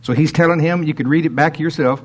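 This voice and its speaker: A man's voice: on the high side, fairly even intonation, fast. A man preaching a sermon, reading scripture aloud and breaking off into chuckling asides.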